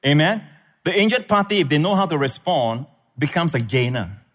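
A man's voice: expressive, normal speed. Emphatic male pastor preaching. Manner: emphatic, swings between loud peaks and low asides. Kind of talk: sermon. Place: church.

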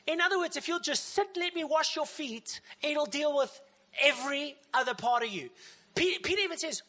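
A woman pastor preaching a sermon in a lively way, often acting out the voices of the people she quotes. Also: high voice, normal speed.

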